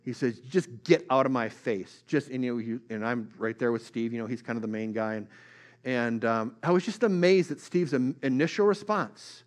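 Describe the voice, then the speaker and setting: A man preaching a sermon, earnest, moving from soft storytelling to rising emphatic exhortation. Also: medium pitch, moderate pace.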